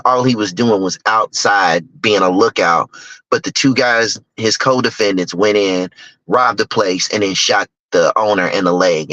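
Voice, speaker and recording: Middle-aged man, low voice, candid and emphatic storyteller, dry lo-fi audio. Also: sharp tone, no room sound. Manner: emphatic, candid, acts out other people's lines. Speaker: guest speaker, investor. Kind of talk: personal storytelling talk. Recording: dull lo-fi dry recording.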